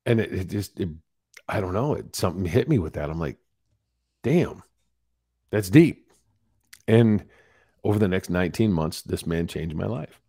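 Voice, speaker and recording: A lower-voiced man in his forties speaks candidly as a podcast guest, recounting his story with animated, acted-out quotes. The sound is dry and close with no room around it. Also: brisk, slightly rough, no room sound. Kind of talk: storytelling interview.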